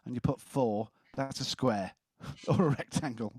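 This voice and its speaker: A man's voice: mid-range voice, unhurried, a little mellow, slightly rough, no echo, clean studio sound. A man hosting a casual quiz, reading questions and joking between answers. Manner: jokey, chuckling as he reads questions. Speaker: quiz host.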